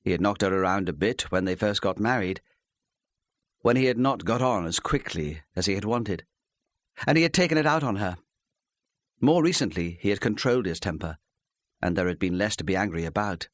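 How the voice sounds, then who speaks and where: A low-voiced man narrates an audiobook with lively delivery at a moderate pace. The scripted reading has clean studio sound and no room echo.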